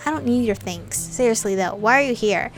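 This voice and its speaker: Woman reading as a sulky young guy, curt and dismissive, in a game playthrough, a bit high. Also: animated, brisk, faint music behind. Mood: grouchy. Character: grumpy, curt young man.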